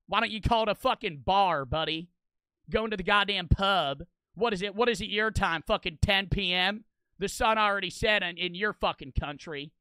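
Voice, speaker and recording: A man's voice: sits high, dry recording. A man putting on a brash Southern tough guy. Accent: put-on Southern US. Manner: loud, taunting, profane.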